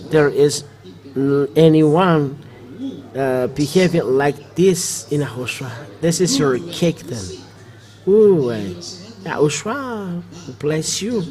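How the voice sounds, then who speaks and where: A man preaching a live church sermon, halting with many fillers and restarts. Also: a little high, darkish tone, rough recording.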